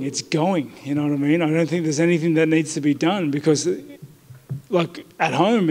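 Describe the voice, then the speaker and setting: A man's voice: fairly high pitch, a little mellow. A man with an Australian accent answering reporters at a media day, blunt and laid-back, often saying mate. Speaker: fighter interviewed by press. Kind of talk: casual press interview. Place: media day press area indoors. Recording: reverberant media room.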